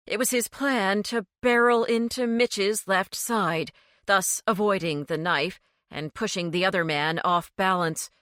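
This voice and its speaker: Woman, audiobook narrator, slow and measured, bright tone, dry close recording. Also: medium pitch, no room sound. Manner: steady, measured storytelling. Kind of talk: scripted narration.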